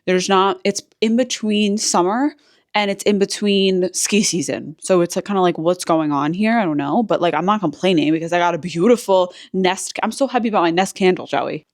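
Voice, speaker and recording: A woman with a lowish voice speaks at a moderate pace while filming a casual tour of a resort's interior. She chats as she walks from room to room, exclaiming at the sights.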